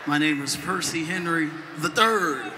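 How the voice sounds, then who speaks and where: A man's voice: fairly high pitch, measured pace. A man from Brooklyn, a student advisor, explaining himself to comedians on a live stage. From Brooklyn, New York. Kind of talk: audience member on stage. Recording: hall reverb with crowd noise.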